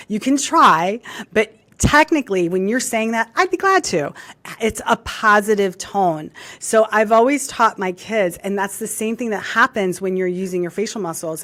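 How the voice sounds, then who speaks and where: A middle-aged woman talking as an interview guest, animated and expressive, acting out the reactions she quotes. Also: mid-range voice. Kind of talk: interview conversation.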